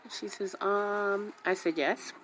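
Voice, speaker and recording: A woman's voice: medium pitch, slow, a little hiss or hum. A woman hosting a radio talk show, telling a personal story casually and acting out each voice, often repeating herself for emphasis. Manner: animated, acts out quotes, repeats herself for emphasis.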